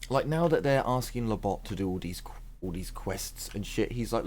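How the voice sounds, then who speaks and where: A man's voice: mid-range voice, animated, moderate pace, few pauses, a little mellow. A man rambling and thinking aloud in casual let's play commentary, with the odd swear word. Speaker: gaming YouTuber.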